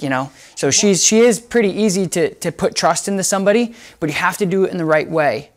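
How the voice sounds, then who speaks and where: A dog trainer with a mid-range voice and moderate pace gives casual instructional talk, emphatic and built on repeated punchy phrases. Between explanations, the trainer whispers softly to the dog.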